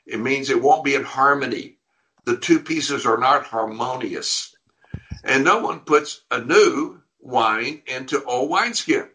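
A man's voice: mid-range voice, expressive, unhurried, bright, forceful tone. A man preaching a sermon, reading verses aloud and explaining them, often restarting his phrases. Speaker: pastor. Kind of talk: sermon teaching on scripture.

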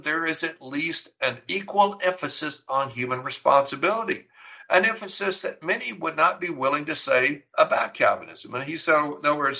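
A man's voice: on the high side, sharp tone, poor audio. A middle-aged man preaching a sermon, teaching earnestly and emphatically, with rhetorical questions. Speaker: pastor.

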